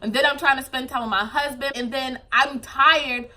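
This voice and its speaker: A young woman talks to her camera in a casual confessional vlog, speaking in with a bright, forceful tone. Her voice sits a bit high, and her talk is candid and emotional, full of fillers. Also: steady tone, normal speed. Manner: emotional, tearful at times, candid, lots of fillers. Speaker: vlogger, new mother.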